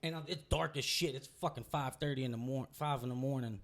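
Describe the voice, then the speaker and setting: A young man, a guest comedian telling a loose, profane story while high. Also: fairly quick, a bit bright. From Louisiana. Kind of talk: casual storytelling.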